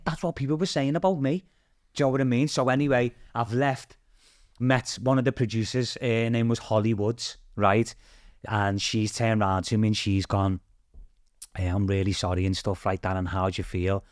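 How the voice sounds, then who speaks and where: A British man speaking as a podcast guest, with a voice pitched squarely in the middle of the male range. He tells his story animatedly, swears freely and acts out the other people in it. The recording is dry and close, with no room sound. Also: steady tone, a little fast, dry recording. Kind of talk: casual storytelling.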